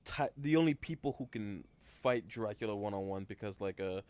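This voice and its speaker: A man co-hosting a podcast, talking in a rambling, halting way with many fillers. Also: fairly low pitch, animated, darkish tone, no echo. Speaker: podcast co-host. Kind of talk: casual chat.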